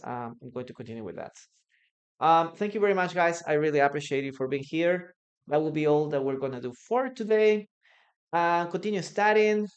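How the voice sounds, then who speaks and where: A man's voice: fairly high pitch, lo-fi sound. A man whose first language is Spanish, teaching a live online English class and patiently explaining grammar through example sentences on a computer mic.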